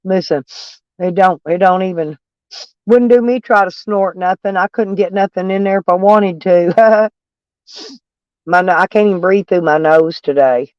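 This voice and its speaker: A man's voice: high voice, measured pace, clean tone, no echo, lo-fi sound. A man with a stuffy nose chatting casually with viewers from his van, rambling and plainspoken. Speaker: van life vlogger. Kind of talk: casual live chat with viewers. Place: in a van, door open.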